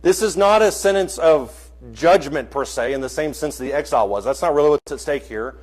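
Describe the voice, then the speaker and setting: A man's voice: a little high, expressive, fairly quick. A man leading an interactive Bible class, asking the group questions and calling on students by name.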